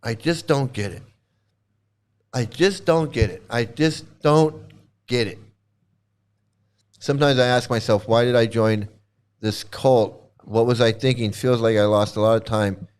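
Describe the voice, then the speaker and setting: A man's voice: mid-range voice, a little slow, pauses often, smooth. A man in his sixties, a former cult member, giving a candid commentary monologue in a blunt, profane way and repeating phrases for emphasis. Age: 60s.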